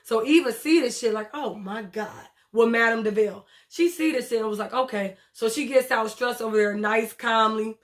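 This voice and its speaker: A woman recaps a TV episode in a loose, blunt way, swearing freely and acting out the lines. Her voice sits a little high. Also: fairly quick, few pauses. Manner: blunt, profane, animated retelling with acted quotes. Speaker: TV show reviewer. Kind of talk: casual recap and commentary.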